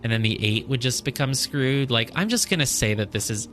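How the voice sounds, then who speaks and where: A man's voice: medium pitch, expressive, brisk, fairly bright tone, soft background music. A young man streaming a puzzle game, thinking aloud, counting squares and scolding himself over his mistakes. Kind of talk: casual live gameplay commentary.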